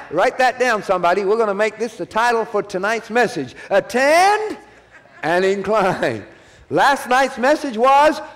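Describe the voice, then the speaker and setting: A man's voice: high voice, a bit bright. A man preaching a sermon at a church conference, repeating key phrases and calling for the audience to answer back.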